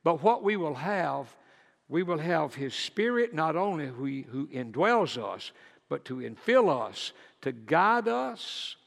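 A pastor preaching a sermon in an earnest way, repeating words as he goes and moving between loud emphasis and soft asides. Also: a little high, sing-song, slow, vocal fry, in a large hall.

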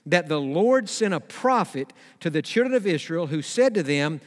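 A man's voice: a little high, animated, moderate pace, few pauses, in a large hall. A man preaching a sermon, reading scripture aloud and explaining it, sometimes acting out pleading prayers to God. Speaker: pastor.

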